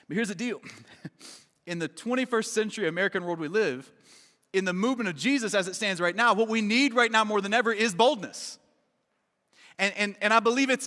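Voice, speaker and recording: Joking pastor in a reverberant hall. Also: male voice, high voice, bright, forceful tone. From Kentucky. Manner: conversational and joking, lots of "right?" and "man". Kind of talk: casual sermon. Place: large church auditorium.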